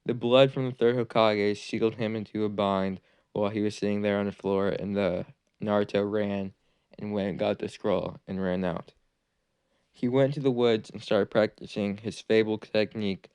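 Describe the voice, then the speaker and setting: A man's voice: fairly low pitch, darkish tone, clean tone, no echo. A man casually narrating a fan-made what-if anime story, rambling with fillers and restarts.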